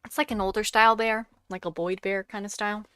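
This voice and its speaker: A woman's voice: medium pitch, steady tone, fast, fairly bright tone, clean tone, no room sound, studio quality. Congested woman chatting while sculpting. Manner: chatty, searches for words, drops to whispers. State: congested, coughing. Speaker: sculpting vlogger. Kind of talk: casual narration while sculpting.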